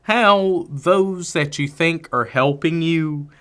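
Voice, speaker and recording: A man co-hosting a film review podcast, chatting casually and giving opinionated, emphatic takes. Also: a little high. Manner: animated, opinionated, drawn-out emphasis. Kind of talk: casual movie review chat.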